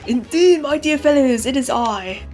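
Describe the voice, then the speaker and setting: A woman's voice: high-pitched, lively intonation, normal speed, darkish tone, faint music behind, pitched above the performer's own voice. A woman voicing a grandiose, pompous male detective who proclaims his lines. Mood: grand.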